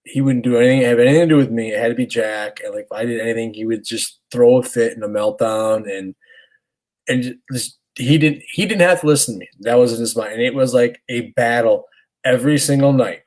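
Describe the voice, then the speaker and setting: A man in his mid-thirties co-hosts a casual podcast, spinning a long, animated story full of restarts and casual curses. His voice sits at an ordinary middle pitch, and his delivery is loose and conversational. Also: brisk, rough recording. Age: 30s. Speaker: podcast co-host.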